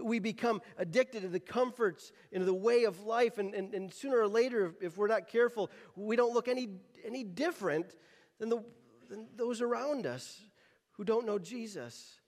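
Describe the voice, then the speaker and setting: A man with a high-pitched voice delivers a sermon as a pastor. He drops the g from word endings and circles back on his words as he searches for the phrasing. His voice rings through a reverberant hall. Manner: repeats words while finding his phrasing.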